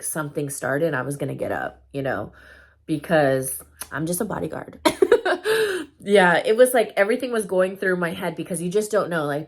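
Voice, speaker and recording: A woman vlogger telling a story time in casual chat, full of fillers and loose swearing. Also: on the low side.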